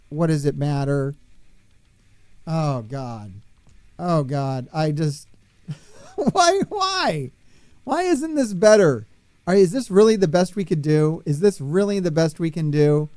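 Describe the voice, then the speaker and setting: A man's gameplay commentary, delivered high in pitch with a dry, close sound and no room around it. He rants and swears in exasperation, turning sarcastic and incredulous. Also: dark tone, clear, resonant tone, no room sound. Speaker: gaming streamer.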